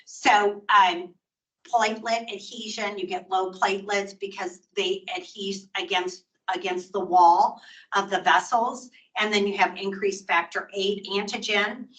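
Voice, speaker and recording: A woman's voice: medium pitch, steady tone, measured pace, fairly bright tone, recorded from a distance, low-quality recording. An older woman teaching a continuing-education nursing lecture in a conversational way, acting out short patient quotes as she explains.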